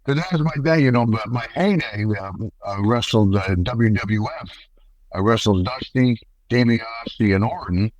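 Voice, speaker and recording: An older American man, a retired wrestler, telling a story in a folksy, animated way and acting out the quotes. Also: mid-range voice, normal speed, highs cut off, a crowd in the background. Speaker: podcast guest, retired wrestler. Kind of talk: casual storytelling interview.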